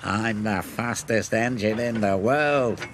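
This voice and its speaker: A man voicing a sly, sneering male diesel engine in a children's cartoon, with a slow, oily drawl. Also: medium pitch, a bit bright, slight background noise, voice pushed up.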